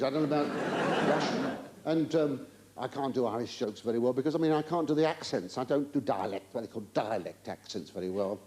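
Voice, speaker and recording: On a large theatre stage, a male stand-up comedian with a slightly high voice chats with and teases the live audience, stammering through flustered asides and mock-indignant denials. The live recording includes audience laughter and hiss.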